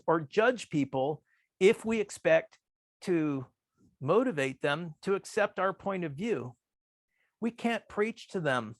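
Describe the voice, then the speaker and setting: A man giving a talk on persuasion, speaking in a calm, measured way and acting out quoted remarks with changes in pitch. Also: gravelly, no room sound, clean studio sound. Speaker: workshop presenter. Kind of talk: presentation on persuasive communication.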